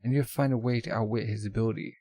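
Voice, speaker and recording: A man's voice: lowish voice, fairly even intonation, rapid-fire, mellow, no echo. A man voicing a determined young male racer thinking through his plan in inner monologue.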